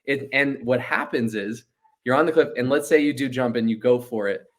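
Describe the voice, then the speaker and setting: A man in his thirties speaks as a guest in a casual interview. He is an animated storyteller who acts out what others said, with a mid-range voice. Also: mid-range voice, normal speed. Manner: animated storyteller acting out quotes. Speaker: interview guest, entrepreneur and leadership coach.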